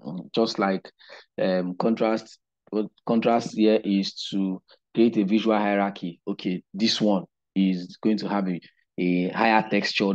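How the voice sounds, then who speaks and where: A man teaching a digital marketing class online, unhurried and explanatory, often checking in with "right?". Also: low-pitched, highs cut off. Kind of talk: live online class lecture.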